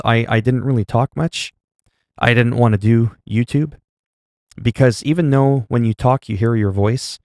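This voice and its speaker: Mellow-voiced Canadian man, dry close sound. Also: mid-range voice, no room sound. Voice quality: mellow, soothing voice. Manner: rambling, joking, heavy swearing. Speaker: livestreamer. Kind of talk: casual livestream chat.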